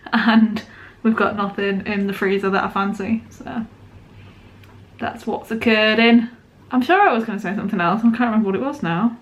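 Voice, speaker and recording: A young English woman in her twenties chatting casually to the camera in her weekly vlog, self-mocking and quick to giggle. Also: medium pitch, poor audio. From England. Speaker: vlogger.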